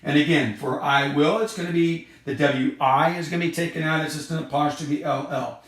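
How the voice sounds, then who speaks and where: A man's voice: on the high side, fairly even intonation, fairly quick, fairly bright tone. A male third grade teacher giving an online lesson to children and parents, patiently repeating points and stressing key words. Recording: echoey room.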